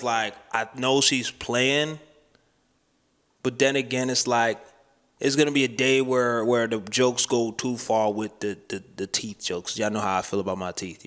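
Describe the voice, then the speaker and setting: Brief: candid male vlogger, bright tone, rambling slangy delivery, long reverb around him. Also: on the low side. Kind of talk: casual talking-to-camera vlog.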